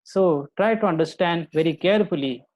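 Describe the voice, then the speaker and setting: A woman teacher giving a recorded lecture to her students, explaining slowly and deliberately and often repeating and restarting her points. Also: fairly low pitch, a little mellow, poor audio. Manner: slow, deliberate explaining with frequent restarts and repetition.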